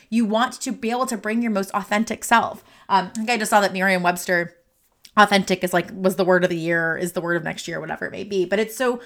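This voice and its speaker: Woman, podcast host, heartfelt, rambling, animated, talks straight to listeners, mid-pitched voice. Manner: earnest, rambling, heartfelt, addresses listeners directly; animated, gestures while talking. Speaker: podcast host and career coach. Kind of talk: unscripted solo podcast talk. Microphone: desk podcast microphone.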